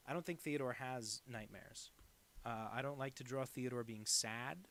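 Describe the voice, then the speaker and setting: A man streaming live as a cartoonist, chatting casually while he draws and rambling through deadpan jokes. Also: mid-range voice, normal speed.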